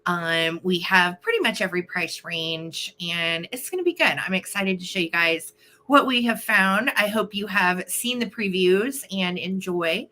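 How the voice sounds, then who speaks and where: A woman's voice: fairly low pitch, a little slow, pushed and bright, a little hiss or hum. A woman hosting a live vintage sale stream from home, chatting casually in a bubbly, giggly way.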